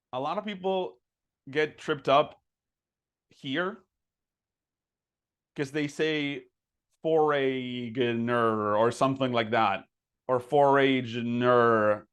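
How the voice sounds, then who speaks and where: Chatty man teaching pronunciation. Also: mid-range voice. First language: Spanish. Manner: chatty, many fillers, slows down to model words. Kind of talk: casual webinar teaching.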